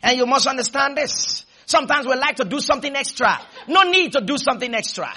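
A man preaching a sermon, shouting dramatic lines and leading the congregation in call-and-response. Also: extremely high pitch, animated, brisk, slightly rough.

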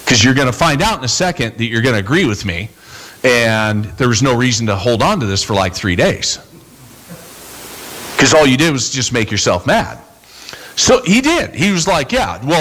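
A man preaching a sermon as a pastor, casual and animated, acting out the people in his stories. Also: mid-range voice, moderate pace. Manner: animated, acts out quoted voices, bursts into shouts.

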